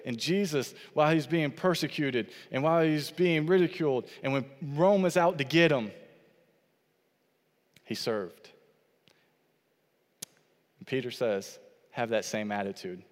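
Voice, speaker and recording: A man's voice: medium pitch, in a large hall. A man preaching a sermon as pastor, earnest and repetitive, quoting scripture and building phrase on phrase.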